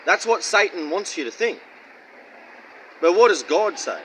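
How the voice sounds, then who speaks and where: A man's voice: sits high, big pitch swings, measured pace, pauses often, a bit bright, slight background noise, low-quality recording. A man giving casual Bible teaching in a blunt, profane, mocking way and rambling slang. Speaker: street-style preacher.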